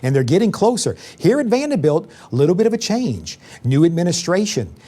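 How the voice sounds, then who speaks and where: A man's voice: on the high side, very animated, a little fast, mellow. A man interviewing a new school principal in a friendly, conversational way. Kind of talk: interview host.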